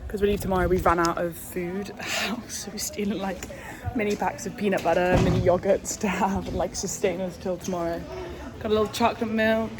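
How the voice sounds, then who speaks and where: A woman's voice: medium pitch, fairly even intonation, a little fast, music in the background. A young woman, chatting to her phone camera in a casual, giggly, hyper way. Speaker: swimmer vlogging at competition. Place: hotel and pool area, indoors. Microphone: handheld phone camera. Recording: background noise, ambience.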